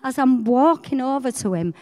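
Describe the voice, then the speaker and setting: A middle-aged woman, telling her faith story in a chatty, animated way. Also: high-pitched, normal speed, big-room sound. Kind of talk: personal faith testimony.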